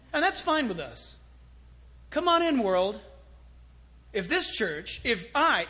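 A man preaching a sermon as pastor, animated, swinging from loud exclamations to hushed storytelling. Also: very high-pitched.

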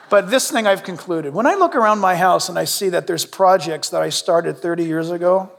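Middle-aged man, pastor; lively sermon delivery with quiet asides; high voice, big reverberant sanctuary. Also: moderate pace, creaky. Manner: animated, humorous, shifts between loud and hushed. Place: church sanctuary. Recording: long reverb in a large hall.

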